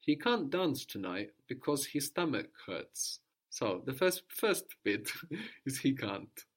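A man's voice: mid-range voice, sing-song, slow pace. A man teaching a language lesson, patiently prompting his student and repeating the answers.

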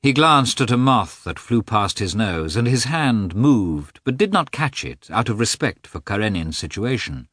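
A man narrating a classic novel with an expressive, scripted delivery. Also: lowish voice, moderate pace, few pauses, husky, no room sound, clean studio sound. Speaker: audiobook narrator.

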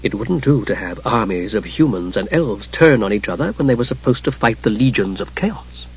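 Guy reading a sly dark goddess, low and hushed, silky and mocking, husky, kinda muffled lo-fi audio. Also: expressive, moderate pace, exaggerated voice. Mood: scheming. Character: scheming dark goddess, sweet-voiced and mocking. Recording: muffled lo-fi recording.

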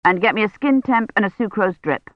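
A woman voicing a brisk, commanding female doctor who gives curt orders. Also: medium pitch, expressive, dry recording, voice pushed up, natural voice. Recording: dull lo-fi recording.

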